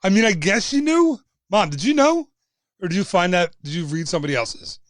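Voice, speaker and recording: A man's voice: high-pitched, big pitch swings, a little fast, no echo, studio quality. A young man hosting a casual livestream trivia game, chatty and jokey as he reads out viewer answers. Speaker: trivia host.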